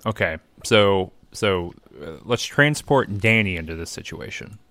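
A man co-hosting a casual podcast chat, telling a story in an animated way with joking asides. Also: low voice, measured pace, no room sound. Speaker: podcast co-host.

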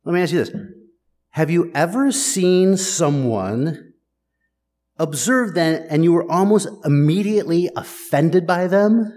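A man delivers a sermon with a chatty, teasing wit, needling his listeners. His voice sits a little high and swings widely in pitch. The sound rings with the long reverb of a church sanctuary. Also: expressive, unhurried, darkish tone. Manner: conversational, wry and teasing with the congregation. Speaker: pastor.

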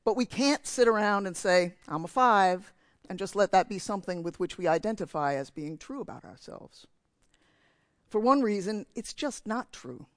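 A man's voice: high-pitched, animated, normal speed, dry recording. A man from New Jersey giving a sermon in church, telling a candid, self-mocking story about himself. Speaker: preacher.

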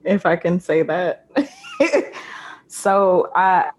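A woman's voice: lowish voice, wildly swooping pitch, extremely slow, breathy edge. A woman interviewing a guest in a curious, chatty way. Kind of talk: casual interview chat.

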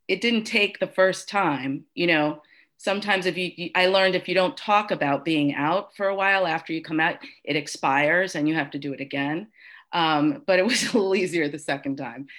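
A middle-aged woman telling a personal story as an interview guest, halting and heartfelt, with many restarts and fillers. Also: on the low side, fairly bright tone.

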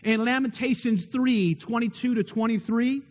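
A man's voice: very high voice, moderate pace. A man preaching a sermon as pastor, earnest and emphatic, building his points with repeated phrases and rhetorical questions. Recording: long reverb of a large hall.

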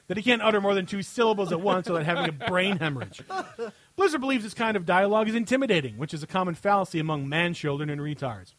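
There's no room sound as a man with a somewhat high voice reads a satirical article on his podcast. He delivers it sarcastically and keeps breaking into laughter.

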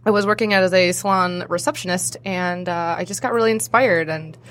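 A woman's voice: lowish voice, steady tone, a little fast, fairly bright tone, a little hiss or hum. A young adult woman, a hairstylist and cosplayer, chatting as a podcast guest in a bubbly way with frequent laughs. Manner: bubbly, laughs often, lots of fillers. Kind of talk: casual interview chat.

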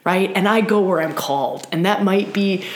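A woman's voice: mid-range voice, moderate pace, roomy sound. A woman leading an online women's circle, talking in an earnest, emphatic way with frequent "right?" asides and restarts. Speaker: circle leader. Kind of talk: live-streamed spiritual talk.

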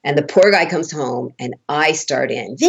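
A woman's voice: low voice, creaky, husky. A woman relationship coach, a podcast guest, telling candid, folksy stories and acting out the dialogue. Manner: animated storyteller, acts out dialogue, laughs often; candid, folksy, uses casual swearing. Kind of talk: conversational podcast interview.

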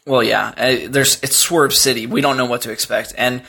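Gravelly-voiced man, chatty and rambling. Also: medium pitch, steady tone, moderate pace, bright, forceful tone. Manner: rambling, fillers, chuckles at his own stories. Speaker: podcast guest. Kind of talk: casual chat.

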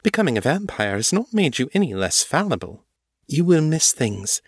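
A man reading aloud and voicing a female vampire mistress who sounds commanding but gentle and purring. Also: on the high side, big pitch swings, moderate pace, husky, dry recording, clean studio sound, voice pushed up, exaggerated voice. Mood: sober.

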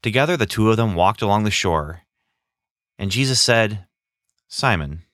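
A man narrating a children's Bible story as a scripted podcast, expressive and slowing down for dramatic moments. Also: on the low side, dry recording, clean studio sound.

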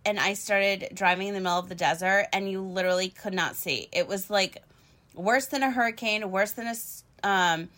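Chatty woman in her 30s telling a story, bright voice, animated, swears a lot, says "like" constantly. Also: mid-range voice, moderate pace. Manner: chatty and animated, swears freely, frequent "like" fillers. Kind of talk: casual storytelling monologue.

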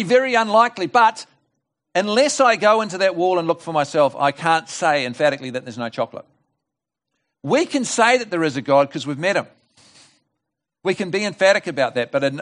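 Lively man preaching a sermon. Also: sits high. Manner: lively, conversational, rhetorical questions to the congregation. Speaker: guest preacher. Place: church service.

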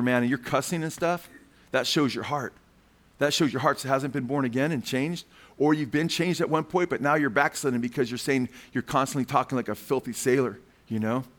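A man's voice: medium pitch, moderate pace. A male preacher giving a fervent sermon. He keeps calling his listeners "man" and puts questions to the crowd.

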